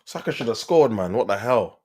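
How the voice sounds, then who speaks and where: A man with a lowish voice talks viewers through a football match as a live stream host. His commentary is casual and full of slang, and he turns exasperated when his side gives the ball away. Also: lively intonation, fairly quick, darkish tone, slightly rough.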